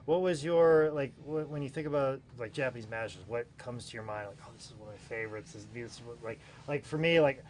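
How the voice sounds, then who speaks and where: A man in his forties hosting a live online auction, chatting in a rambling, excitable way and stumbling over his words. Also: medium pitch, a little fast, hardly any pauses, slight background noise. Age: 40s. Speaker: host and auctioneer. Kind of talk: casual live-stream chat.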